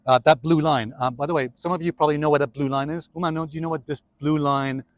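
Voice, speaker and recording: Male vlog host, higher voice, dry close sound, chatty explainer walking outdoors. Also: steady tone, quick pace, no room sound. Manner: chatty, explains step by step, addresses viewers as guys. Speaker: trading video host. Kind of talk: casual market commentary vlog. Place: outdoors on city streets.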